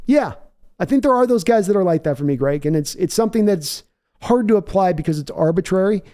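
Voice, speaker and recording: Mellow-voiced man chatting casually. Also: high voice, animated, a little fast. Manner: thinks aloud, frequent restarts. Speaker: podcast host answering viewer questions. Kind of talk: casual chat.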